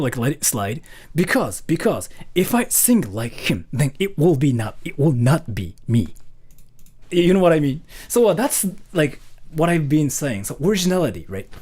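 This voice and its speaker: A man streaming live and chatting casually with viewers, who talks quickly, fills his speech with "like" and "uh", and laughs often. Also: a little high, a little mellow, slightly rough. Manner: fast-talking, heavy on fillers like "like" and "uh"; laughs often while talking. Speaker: streamer answering donations. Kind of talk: casual livestream chat.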